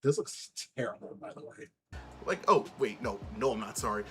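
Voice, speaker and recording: A man's voice: medium pitch, expressive, normal speed, pushed and bright, soft background music, poor audio. A man hosting a reaction commentary channel, talking bluntly and indignantly with lots of fillers.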